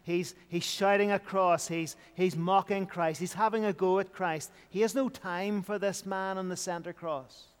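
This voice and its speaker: A man's voice: high-pitched, fairly even intonation, moderate pace, few pauses, clear, resonant tone, long reverb tail. A man preaching an evening sermon in an earnest, repetitive style, building emphasis as he goes.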